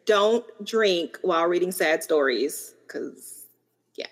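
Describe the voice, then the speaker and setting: A woman's voice: lowish voice, lively intonation, slow. Chatty woman co-hosting a book podcast. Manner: chatty, laughs easily. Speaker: podcast co-host. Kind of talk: casual book-review chat.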